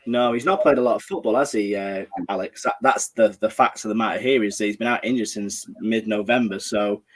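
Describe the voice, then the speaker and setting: A man's voice: lowish voice, a little fast. A man hosting a casual football livestream, chatting and reading out viewer comments. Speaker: livestream host.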